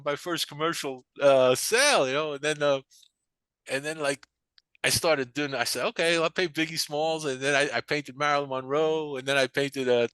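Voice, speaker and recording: A man's voice: mid-range voice, pushed and bright, no room sound. A man, telling his story in a rambling, casual interview and acting out the people he quotes. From New York. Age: 60s. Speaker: painter and barbershop manager.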